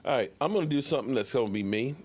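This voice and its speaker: A man's voice: mid-range voice, lively intonation, rapid-fire, a crowd in the background. A man hosting a casual sports talk livestream, chatty and reading viewer comments aloud. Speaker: podcast host.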